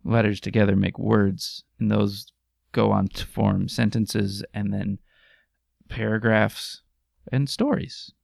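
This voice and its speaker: A man's voice: on the low side, steady tone, takes it slowly, vocal fry, a little mellow, no echo, studio quality. A man hosting a podcast in casual chat, rambling, jokey and crude. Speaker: podcast host.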